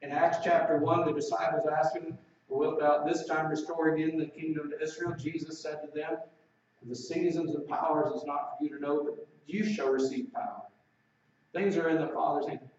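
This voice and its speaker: A man preaching a sermon, reading scripture slowly and with emphasis between plain explanations. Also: fairly high pitch, fairly even intonation, a little mellow, a little hiss or hum. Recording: roomy echo, distant mic, dull lo-fi sound.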